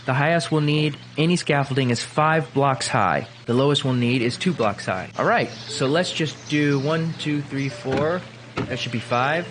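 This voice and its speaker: A young man hosting a gaming video, chatting casually and playfully as he plays, swinging between excited bursts and quiet mumbling. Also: medium pitch, measured pace, background noise. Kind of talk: casual gameplay commentary.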